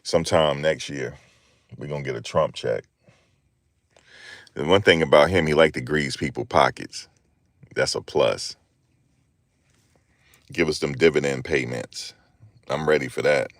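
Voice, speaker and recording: A man's voice: very deep voice, measured pace, pauses often, no room sound, clean studio sound. A man chatting casually on a live stream as a rideshare driver, laid-back and repetitive with street slang.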